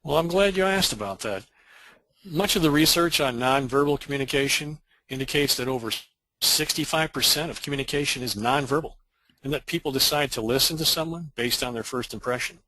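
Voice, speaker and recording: A man co-presenting a training webinar, reading a scripted dialogue in a measured, explanatory way. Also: mid-range voice, sharp tone, no room sound, poor audio.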